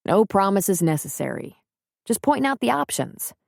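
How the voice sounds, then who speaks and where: Woman reading a calm plainspoken mountain-town man. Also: medium pitch, moderate pace, vocal fry, no echo, studio quality. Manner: steady, reassuring, easygoing.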